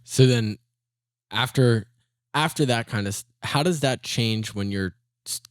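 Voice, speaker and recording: A man's voice: medium pitch, a little slow, no echo, clean studio sound. A man hosting a podcast who thinks aloud as he frames curious questions for his guest. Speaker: podcast host. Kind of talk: casual podcast interview.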